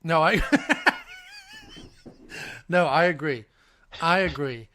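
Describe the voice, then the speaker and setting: A man's voice: on the high side, lively intonation, takes it slowly, sharp tone, a little hiss or hum. A man hosting a podcast, chatting casually with frequent laughs and reading a listener's email aloud. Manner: easygoing, laughs often. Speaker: podcast host.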